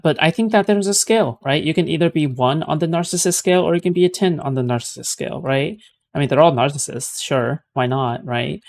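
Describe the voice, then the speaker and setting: A man streaming, giving casual commentary on a clip in a rambling, sarcastic way with lots of filler words. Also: mid-range voice. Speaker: streamer reacting to clips.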